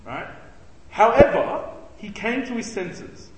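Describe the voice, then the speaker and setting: A man teaching a casual Bible study to a group, animated and joking as he acts out quotes. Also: high voice, slow, recorded from a distance, a little hiss or hum. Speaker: church youth teacher. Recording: echoey hall with long reverb.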